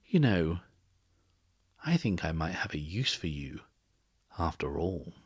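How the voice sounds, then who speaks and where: A man voicing a mysterious, menacing stranger who talks in a slow, measured, quietly incredulous way. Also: low-pitched, very animated, breathy edge, no echo, clean studio sound, exaggerated voice. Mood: quiet menace. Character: mysterious, menacing man, soft-spoken and calmly threatening.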